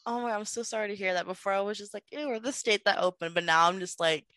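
A woman's voice: mid-range voice, quick pace, no echo, clean studio sound. A woman in her twenties from Texas, chatting casually and telling stories with lots of laughter. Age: 20s. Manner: chatty, laughs often, lively storytelling. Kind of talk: casual video chat.

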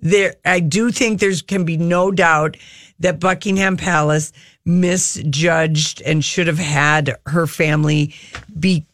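A woman co-hosting an entertainment talk radio show, chatting casually with quick asides. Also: low-pitched, steady tone, no room sound, clean studio sound.

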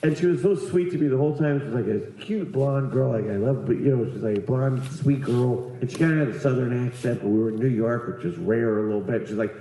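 A man's voice: mid-range voice, fast talker, few pauses, mellow, heavy reverb, poor audio. A man doing stand-up comedy, telling a rambling, profane story and teasing audience members.

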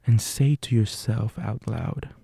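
Male coach leading a calm visualization; very dark, dry sound. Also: mid-range voice, takes it slowly, creaky, breathy edge, no echo. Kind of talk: guided self-help visualization.

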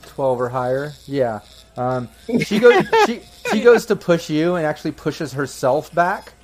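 A man's voice: fairly high pitch, expressive, measured pace, low-quality recording. A man narrating a tabletop game as game master, talking hesitantly with many fillers.

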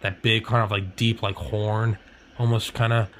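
A man's voice: on the low side, level tone, normal speed, a bit bright, a little hiss or hum. A young man hosting a podcast in casual chat, rambling and swearing, laughing often. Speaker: podcast host.

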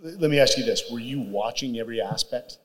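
A man's voice: mid-range voice, lively intonation, fairly quick. A man hosting an interview, putting short prompting questions to his guest. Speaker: podcast host. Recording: reverberant room.

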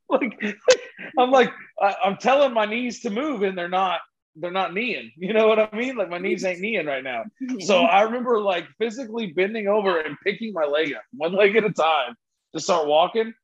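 A man with a slightly high, husky voice shares a story on a casual podcast. He is animated and laughs at his own tale. The recording sounds dull and lo-fi. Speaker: podcast guest.

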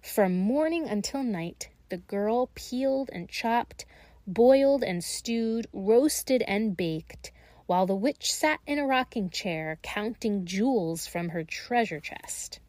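A woman reading a fairy tale aloud in a slow, gentle and expressive way. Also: medium pitch, no echo. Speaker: storyteller.

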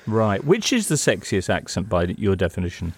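A man's voice: low-pitched, wildly swooping pitch, normal speed, a little hiss or hum. A man hosting a football podcast, steering the chat with wry, theatrical phrasing. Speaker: podcast host.

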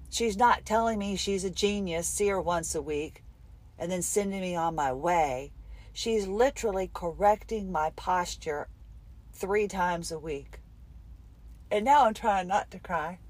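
A middle-aged woman talks candidly into her recorder while on the road between appointments. Her talk is rambling and emotional, with a voice pitched in the middle range. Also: a little mellow. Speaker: podcast host. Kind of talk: casual spoken diary.

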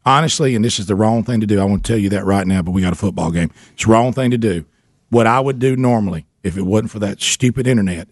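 Animated storytelling radio host, a man. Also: lowish voice, dry recording, studio quality. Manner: animated, laughing, repeats himself. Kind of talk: casual storytelling chat.

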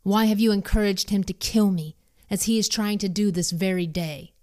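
A woman's voice: medium pitch, moderate pace, a little mellow, lightly acted. A woman reading the lines of an angry, suspicious older male king who fires accusing questions at his men. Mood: demanding.

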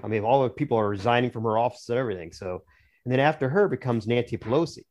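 A man's voice: medium pitch, racing, a little mellow. A man on a podcast as a guest author, chatting casually in a rambling, jokey way with frequent restarts. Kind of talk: casual chat.

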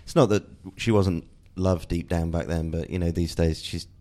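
A man's voice: deep voice, fairly even intonation, normal speed, dark tone. A middle-aged man, a guest on a conversational show, speaking reflectively and searching for words with frequent restarts. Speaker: guest, father and TV writer. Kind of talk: candid conversational interview.

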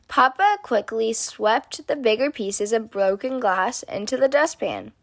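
Expressive woman reading a storybook. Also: a little high, measured pace, hardly any pauses, dry recording, clean studio sound. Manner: expressive, sing-song storytelling. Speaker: storybook reader. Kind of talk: reading a children's picture book aloud.

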